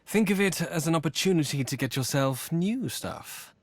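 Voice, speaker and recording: A man's voice: a little high, animated, moderate pace, no echo. An actor playing a seductive male con-man lover who teases and condescends in a video game. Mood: teasing. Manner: teasing, purring, condescending.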